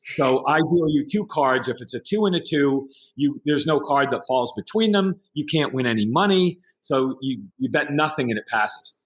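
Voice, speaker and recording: A man's voice: medium pitch, moderate pace. A middle-aged man, a podcast guest, telling a story in casual conversation and acting out the other people in it. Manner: animated anecdote-telling with quoted voices.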